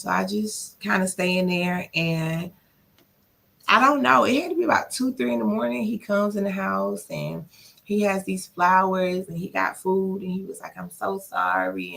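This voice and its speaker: A woman's voice: mid-range voice, moderate pace, creaky, a bit bright. A woman guest on a podcast, retelling a painful experience from her past. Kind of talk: personal storytelling.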